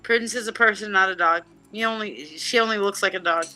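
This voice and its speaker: Here a psychic show host with a medium-pitched voice keeps a quick pace during her live stream. She's lively and playful, joking with her audience and reading their chat messages aloud in a casual way.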